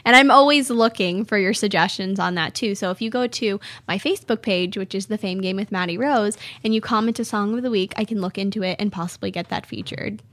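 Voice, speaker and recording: A woman's voice: mid-range voice, a little fast, few pauses, fairly bright tone, no echo. A teenage girl from California hosting her own radio show, chatting and rambling with frequent giggles. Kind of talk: casual solo talk show.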